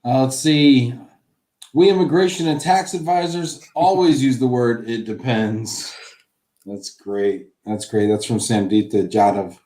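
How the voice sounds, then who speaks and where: A man's voice: mid-range voice, steady tone, unhurried, mellow. Echoey upbeat male stream host. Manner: upbeat, reads out viewer questions. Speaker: live show host. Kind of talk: casual live-stream chat. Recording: echoey room.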